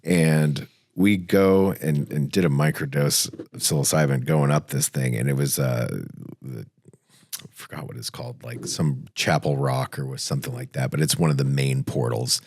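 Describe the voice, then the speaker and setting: A man's voice: rumbling low, steady tone, normal speed, darkish tone, breathy edge, no echo. A man hosting a podcast, telling a story casually and animatedly, cursing freely. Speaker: podcast host.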